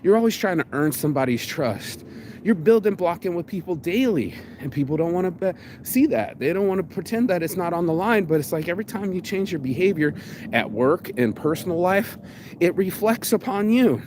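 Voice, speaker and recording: A man's voice: high-pitched, a little fast, noisy background. Profane, rambling male vlogger. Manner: profane, rambling, animated storytelling. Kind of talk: casual storytelling rant.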